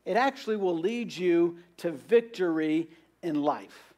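A man's voice: fairly high pitch, animated, measured pace, a little mellow. A man preaching a sermon, earnest and repeating his points for emphasis.

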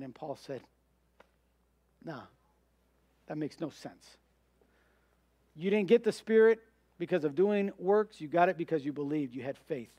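A male pastor delivers an emphatic sermon in a notably high voice. He poses questions and answers them himself, acting out the objections of his listeners. The sound is dry and close. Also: darkish tone, no room sound.

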